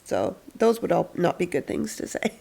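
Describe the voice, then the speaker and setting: A woman counsellor talks through parenting advice in a relaxed podcast chat. Her voice carries a gravelly edge. She slips into quoted parent voices as she explains. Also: mid-range voice, normal speed. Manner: explains patiently, acts out parents' lines.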